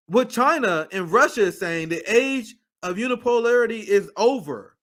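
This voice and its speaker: A man's voice: high-pitched, lively intonation, moderate pace, few pauses, fairly bright tone. A man hosting a casual political commentary show, talking in a heated, blunt way and swearing freely. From United States.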